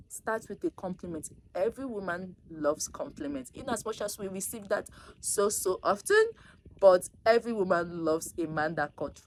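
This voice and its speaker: A woman vlogger giving casual dating advice straight to camera, emphatic and teasing, swinging between loud bursts and soft asides. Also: lowish voice, slight background noise.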